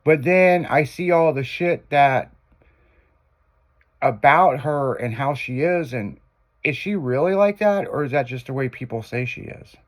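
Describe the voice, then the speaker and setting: A man's voice: mid-range voice, lively intonation, measured pace. Rambling, profane man. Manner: rambling, profane, loose storyteller. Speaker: radio show host. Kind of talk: casual storytelling chat.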